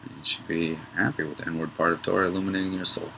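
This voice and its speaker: A man teaching a relaxed, digressive Torah study lesson. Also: low voice, rapid-fire, creaky, slight background noise, poor audio. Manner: relaxed, digressive, tells a joke mid-lesson.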